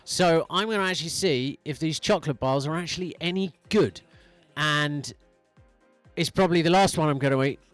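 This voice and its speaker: A man's voice: fairly high pitch, normal speed, fairly bright tone, no echo, faint music behind. A man hosting a morning radio show, chatting casually into a studio microphone, rambling and laughing at himself. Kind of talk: casual on-air chat.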